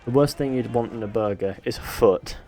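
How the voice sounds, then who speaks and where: A man's voice: mid-range voice, a little fast, dark tone, faint music behind. A man from northwest England with a Manchester accent, live-streaming a game, reading chat aloud and joking in a rambling way.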